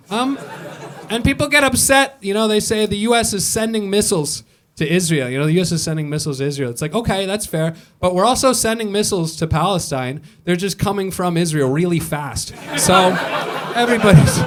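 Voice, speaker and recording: A young American man doing a stand-up set in a comedy club on a boat, wry and deadpan, laughing along with the crowd. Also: high-pitched. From United States.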